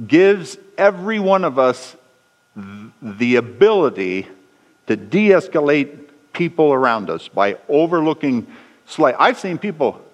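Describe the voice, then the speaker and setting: A man preaching a sermon, telling stories and acting out the lines of the people in them, his pitch swinging high and low. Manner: storytelling with acted dialogue, pitch swinging up and down. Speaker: pastor. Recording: long echo of a large hall.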